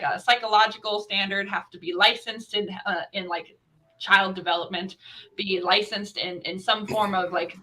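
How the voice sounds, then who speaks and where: A woman's voice: mid-range voice, pushed and bright, rough recording. A woman in casual group chat, giving her opinions at length with many restarts.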